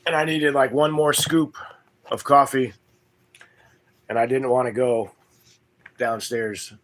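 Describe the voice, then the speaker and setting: A man hosting his homestead channel, chatting casually and crudely with viewers in a relaxed, rambling drawl. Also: mid-range voice, slow pace. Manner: relaxed drawl with loose grammar and fillers. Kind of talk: casual livestream chat with viewers.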